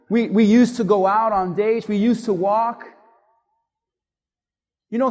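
Guy preaching in church, pretty high voice, chatty, long reverb off the hall. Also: darkish tone. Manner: conversational preaching with quoted asides. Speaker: pastor. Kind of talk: sermon.

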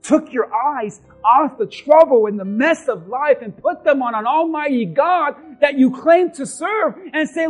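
A male pastor preaching a sermon in church, impassioned and shouting for emphasis. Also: very high voice, expressive, a little slow, few pauses, faint music behind.

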